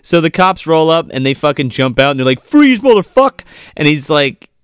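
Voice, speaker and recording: A man retells a movie on a podcast, swearing freely and slipping into the characters' lines as he goes. His voice sits a touch high. The sound is dry and close. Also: brisk, smooth, no echo. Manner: profane, animated retelling with acted quotes. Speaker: podcast co-host. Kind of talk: casual movie recap chat.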